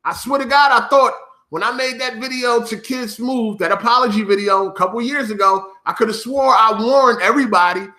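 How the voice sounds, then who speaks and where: Man, vlogger, high and sharp-toned, profane repetitive rant to camera. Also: fairly quick. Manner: profane, repetitive, emphatic ranting. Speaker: YouTuber.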